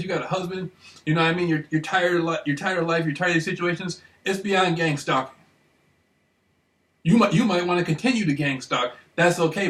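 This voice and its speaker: A man recording a rambling, excited monologue, repeating himself and often asking if you follow him. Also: on the high side, roomy sound, far from the mic. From Michigan, United States. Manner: excited, repetitive, keeps asking "you know what I mean". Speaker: vlogger.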